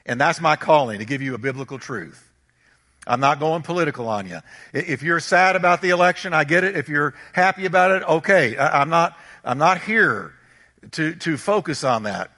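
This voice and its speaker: A male pastor delivering an emphatic sermon in a high, bright, forceful voice. He hammers his points home with repetition and rhetorical questions. A long reverb trails behind him, as if in a large hall. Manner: emphatic, repeats phrases, rhetorical questions to the congregation.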